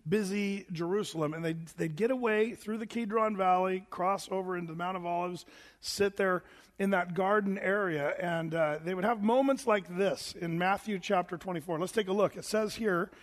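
A man's voice: high-pitched, moderate pace, big-room sound. A man preaching a sermon in a chatty, rambling way, full of fillers and restarts. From United States. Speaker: pastor.

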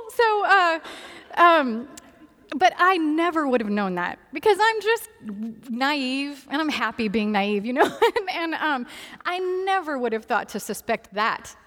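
A woman telling a personal faith testimony, candid and earnest, laughing softly now and then between many fillers. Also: sits high, sing-song, measured pace, long reverb tail. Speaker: speaker sharing a personal testimony.

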